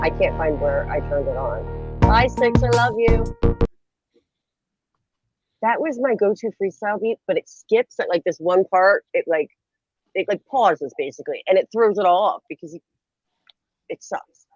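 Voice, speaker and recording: A husky woman hosts a late-night stream in a giggly, rambling way. Her fairly low voice swoops widely. The sound is dry and dull, like a cheap home mic. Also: no room sound. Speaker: livestream host.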